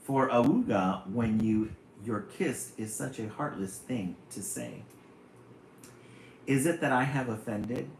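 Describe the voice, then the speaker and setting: Lovesick storybook turtle, tender and pleading, slow and a bit low, read by a man, roomy room. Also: vocal fry. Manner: tender, pleading, sing-song. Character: lovesick male turtle pleading with his sweetheart. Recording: roomy room, faint hum.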